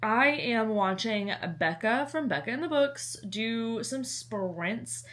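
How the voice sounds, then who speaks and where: A woman's voice: a little high, lively intonation, slow, a bit bright. A young woman from the American South with a Southern accent, chatting casually in a book vlog, bubbly and dramatic, swinging into laughter. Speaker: book vlogger.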